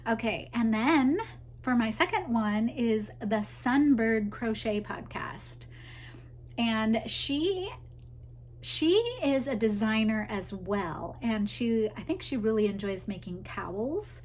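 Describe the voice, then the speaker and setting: A woman's voice: a little high, lively intonation, takes it slowly, a little hiss or hum. A woman hosting a crochet podcast, chatting casually to camera about her projects, rambling with asides to viewers. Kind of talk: casual show-and-tell chat to camera.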